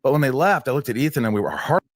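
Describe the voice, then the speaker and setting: A man's voice: mid-range voice, lively intonation, rapid-fire, no room sound, studio quality. A man telling a personal story in an interview, rambling and restarting often as he acts out what people said.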